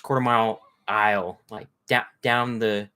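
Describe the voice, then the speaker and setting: A man's voice: on the low side, steady tone, a little slow, bright, forceful tone, clean tone. A man hosting a casual livestream, chatting with viewers in a rambling way and greeting them by name. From Texas. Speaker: livestream host. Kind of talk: casual live chat with viewers.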